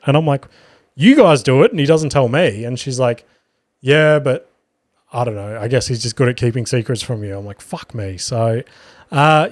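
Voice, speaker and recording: A man's voice: mid-range voice, a little mellow, dry recording, clean studio sound. A man with an Australian accent hosting a podcast, telling a casual anecdote and swearing as he quotes people. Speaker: podcast host. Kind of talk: casual storytelling. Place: podcast studio.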